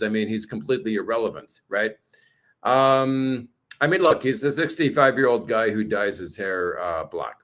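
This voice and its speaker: A man's voice: mid-range voice, fairly bright tone. A man vlogging casually on a livestream, rambling and blunt, swearing often.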